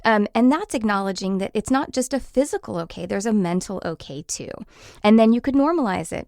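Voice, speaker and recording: A woman in her thirties, a parenting expert explaining her advice on a podcast in a reassuring way, sometimes acting out gentle lines to a child. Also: medium pitch, animated, brisk, no echo, clean studio sound.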